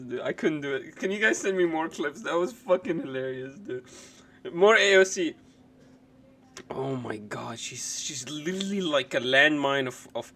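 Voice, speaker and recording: A man's voice: mid-range voice, fairly bright tone. A young man streaming live, chatting casually as he reacts to clips, laughing hard and often, swearing freely and rambling loosely.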